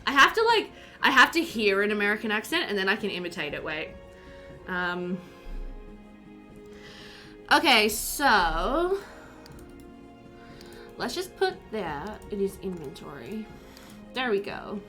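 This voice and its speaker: Bright, lively South Australian woman. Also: mid-range voice, unhurried, long pauses, faint music behind. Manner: chatty, reads chat aloud, laughs often. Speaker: game streamer. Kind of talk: casual live-stream chat.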